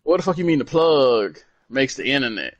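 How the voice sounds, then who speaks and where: A man co-hosting a podcast, telling a story in a casual, swearing, animated way. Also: medium pitch, fairly quick, dull audio, a little hiss or hum. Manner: animated, swears freely, acts out quoted dialogue. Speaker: podcast co-host.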